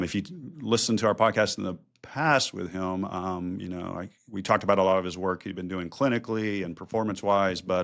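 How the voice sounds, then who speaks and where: A middle-aged man hosting a podcast, casual and chatty with plenty of "um"s. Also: low-pitched. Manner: relaxed, chatty, many fillers. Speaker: podcast host.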